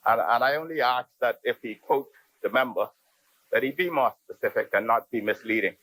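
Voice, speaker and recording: A man's voice: mid-range voice, a little fast, a bit bright, no echo, poor audio. A man with a Bahamian accent raising a firm point of order in parliamentary debate. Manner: firm, corrective objection.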